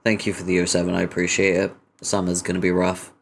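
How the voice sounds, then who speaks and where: A man's voice: low voice, completely flat delivery, fast, vocal fry, a little hiss or hum. A young man streaming a read-through, chatting casually with his viewers and swearing freely. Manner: sweary, chatty asides to chat. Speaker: streamer reading a webcomic aloud. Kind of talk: casual live-stream chat.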